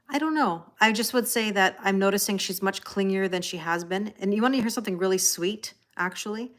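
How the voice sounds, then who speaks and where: A medium-pitched Canadian woman speaks a little fast with hardly any pauses while hosting a tarot livestream. Chatty and reassuring, she reads viewer comments aloud and addresses them directly, repeatedly saying "you know?".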